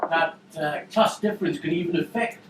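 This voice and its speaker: A man's voice: fairly high pitch, a little fast, a little hiss or hum. Rambling, jokey man. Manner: rambling, jokey, many restarts. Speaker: host of a book launch. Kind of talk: casual public remarks. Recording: echoey room from far off.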